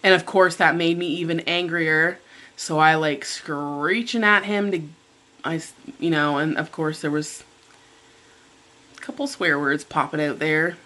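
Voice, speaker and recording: A woman's voice: sits low, a little slow. A middle-aged woman vlogger telling a story over breakfast in a casual chat, acting out what she said. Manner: animated retelling, acting out her own quoted lines. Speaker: mukbang vlogger.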